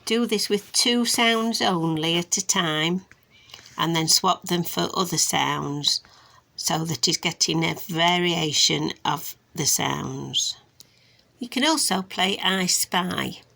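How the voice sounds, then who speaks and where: A woman speech and language therapist from England, teaching parents sound awareness games in a slow, careful way and stretching out words to model them. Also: lowish voice, creaky, pushed and bright. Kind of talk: instructional demonstration for parents.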